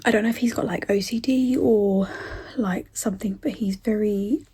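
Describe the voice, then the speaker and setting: Giggly woman, husky voice. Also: mid-range voice, steady tone, normal speed. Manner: chatty and giggly, with frequent soft whispered asides. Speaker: book vlogger. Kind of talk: casual reading vlog chat.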